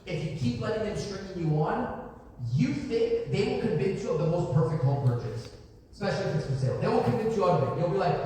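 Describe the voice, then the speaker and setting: A man gives emphatic sales coaching, hammering his points home with quick repeated asides. His voice sits a bit high but has a mellow tone. He sounds distant, with long hall echo and faint ambience behind him. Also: expressive, a little hiss or hum. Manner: emphatic, punchy, repetitive asides. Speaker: sales trainer. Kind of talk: motivational sales coaching talk.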